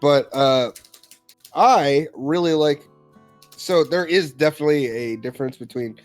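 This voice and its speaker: A man's voice: on the high side, unhurried, faint music behind. A man co-hosting a casual online talk show, answering listener questions with laid-back quips. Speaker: podcast co-host. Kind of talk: casual chat.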